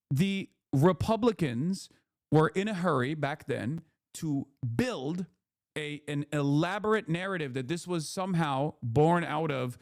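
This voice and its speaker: Fired-up profane male commentator, slightly high. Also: expressive, slow pace, long pauses, no echo, clean studio sound. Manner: heated, profane, sarcastic rant. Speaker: political commentator. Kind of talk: casual livestream commentary.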